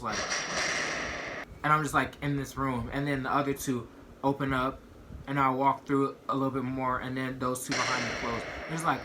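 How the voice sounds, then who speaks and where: A man's voice: mid-range voice, background noise. A young man vlogging a casual storytime, rambling and filling his sentences with "like" and "you know what I mean.".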